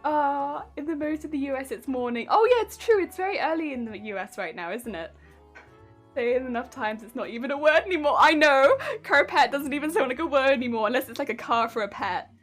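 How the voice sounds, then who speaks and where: A high-voiced woman chats casually to her live-stream audience while working on a cosplay prop. Her pitch swoops up and down as she giggles and reacts to chat. Soft music plays quietly behind her. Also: expressive, a little fast. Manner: giggly, chatty, reading out chat. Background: soft background music.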